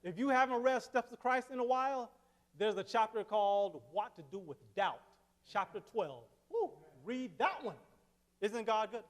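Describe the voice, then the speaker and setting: A man telling a personal faith testimony in an excitable, exclamatory way, often repeating himself. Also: sits high, normal speed, long reverb tail. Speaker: Adventist speaker sharing a witnessing story.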